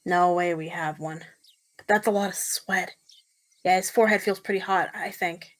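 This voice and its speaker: A woman's voice: lowish voice, fairly even intonation, normal speed, fairly bright tone, close to an everyday voice. A woman voicing an anxious male kidnapper in close to her own voice, fretful and hesitant. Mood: worried. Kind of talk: reading a visual novel aloud with voices.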